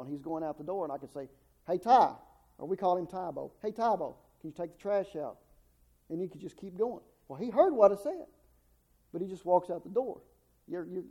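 A middle-aged man delivers a folksy sermon in a high-sitting, dark-toned voice. He stumbles over repeated words and acts out the people he quotes.

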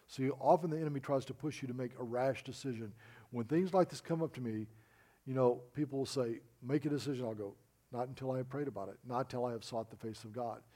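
A man's voice: mid-range voice, warm tone. A man preaching a sermon, reading scripture and telling stories with quoted dialogue. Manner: earnest storytelling, quoting others in dialogue.

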